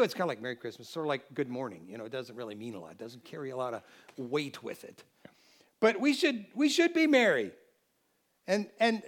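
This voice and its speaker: An American man delivers a Christmas sermon with animation, swinging from loud exclamations to quiet asides. His voice runs on the high side.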